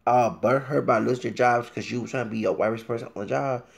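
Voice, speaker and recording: A man ranting to his viewers in a vlog, swinging between loud outbursts and low muttering, often repeating himself and talking straight to the audience. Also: steady tone, fast, gravelly. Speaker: vlogger.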